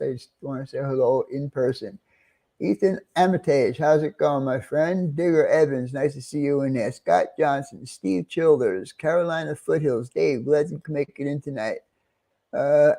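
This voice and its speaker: Middle-aged New York man, casual livestream host, slightly high mellow voice, friendly and chatty. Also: moderate pace. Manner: chatty, greeting viewers one by one, chuckling.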